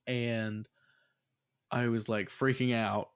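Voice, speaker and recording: Man telling a story with animated swears. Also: mid-range voice, takes it slowly, smooth. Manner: animated storytelling, heavy swearing, laughs often. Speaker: podcast host. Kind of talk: casual chat.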